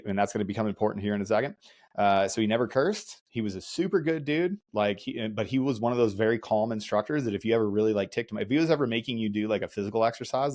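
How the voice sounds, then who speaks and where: A man hosting a podcast, casually telling animated stories, acting out voices and laughing often. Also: lowish voice. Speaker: podcast host. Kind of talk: casual storytelling chat.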